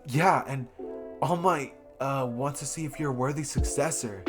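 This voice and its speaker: A man's voice: medium pitch, moderate pace, close to an everyday voice. Deku, a man doing an earnest young hero. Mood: friendly. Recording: guitar music playing behind.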